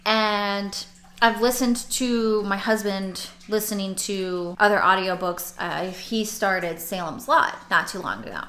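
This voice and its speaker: A young woman talking casually to her viewers about books, rambling and restarting as she goes. Her voice is bright and forward. The room adds a clear echo. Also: medium pitch, unhurried. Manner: rambling, chatty, with restarts and laughs. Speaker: book vlogger. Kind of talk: casual chat to camera. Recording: roomy echo.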